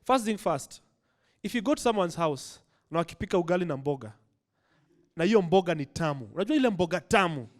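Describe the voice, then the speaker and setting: Kenyan male stand-up, high-pitched, playful and code-switching. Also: big pitch swings, fairly quick. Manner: playful, mixes English and Swahili slang. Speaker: stand-up comedian. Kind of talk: stand-up routine.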